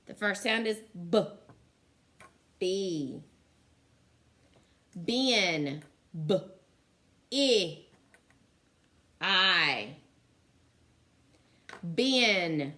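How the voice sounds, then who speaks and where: Teaching a phonics lesson to young kids, a woman with a lowish, animated, pushed and bright voice sounds out each letter slowly and deliberately. She gives frequent praise.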